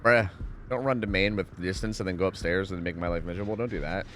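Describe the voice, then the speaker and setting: A man streaming a game, chatting casually, swearing and yelling at the screen between stretches of humming. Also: sits low, fast talker, slight background noise. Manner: swearing, animated, yells at the screen, hums to himself. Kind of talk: casual gameplay commentary. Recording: game music behind the voice. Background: game music.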